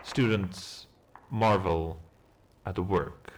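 A man interviewing an actor in a mock interview, asking questions in a measured, formal way. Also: low-pitched, a crowd in the background, noisy background.

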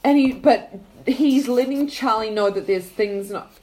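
A woman hosting a podcast, chatting casually and retelling a book's scenes with animated, sweary flair. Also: a little high, a little slow, low-quality recording. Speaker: podcast host and fact checker. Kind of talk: casual book-club chat.

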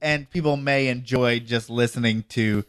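A man hosting a podcast in casual chat, easygoing and drawn-out, peppering his talk with "you know". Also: mid-range voice, clear, resonant tone. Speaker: podcast host.

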